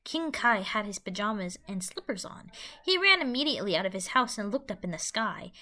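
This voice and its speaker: Animated, bright-voiced woman narrator. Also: mid-range voice, brisk. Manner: animated storybook reading. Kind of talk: fan audio drama narration.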